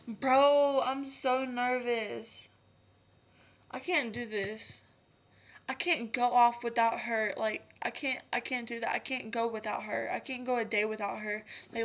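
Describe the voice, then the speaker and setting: A woman's voice: a little high, a bit bright. A young woman vlogging casually, anxious and rambling, using lots of "like". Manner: anxious, rambling, heavy "like" filler. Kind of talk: casual vlog.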